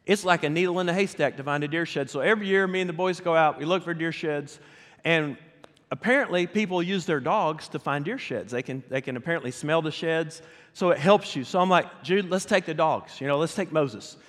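A man preaching a storytelling sermon, animated and talking straight to his congregation. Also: a little high, fairly quick. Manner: animated, addresses the congregation directly. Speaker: pastor. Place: church sanctuary. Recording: long reverb of a church hall.

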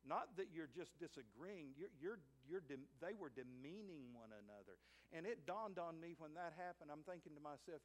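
A Southern pastor preaches a sermon in his church. His voice sits a little high for a man, and he tells homespun stories in a relaxed, folksy way, repeating words as he starts a thought. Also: moderate pace. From United States. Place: church sanctuary.

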